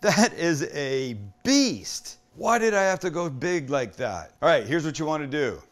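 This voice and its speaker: A man's voice: on the high side, very animated, a little fast, fairly bright tone. An older man hosting a cooking show, chatting casually and with enthusiasm to viewers as he cooks. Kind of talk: casual cooking demo chat.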